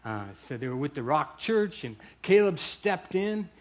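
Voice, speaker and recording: A middle-aged man telling a personal faith story in a lively, animated way, acting out the voices of the people in it and laughing as he goes. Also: fairly high pitch, unhurried. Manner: acts out quoted voices, laughs through the story. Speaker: churchgoer telling a testimony.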